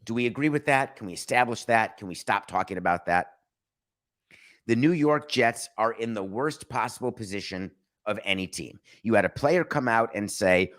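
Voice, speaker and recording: A man's voice: on the low side, lively intonation, normal speed, fairly bright tone. A man hosting a podcast, giving emphatic and sarcastic opinionated sports talk. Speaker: podcast host.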